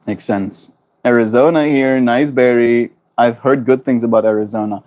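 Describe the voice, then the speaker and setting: A man from South Africa with an Afrikaans accent, whose first language is Afrikaans, chats his way through a casual livestream. He reads out viewers' messages and answers them playfully, joking and laughing as he goes. His voice sits in an ordinary middle pitch. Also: steady tone, moderate pace, a little mellow. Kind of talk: casual livestream chat, reading chat messages aloud. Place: at home.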